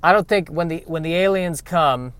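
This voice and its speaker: A man's voice: a little high, normal speed, fairly bright tone, clear, resonant tone, no echo. Rambling, self-deprecating male comedian. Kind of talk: stand-up comedy monologue.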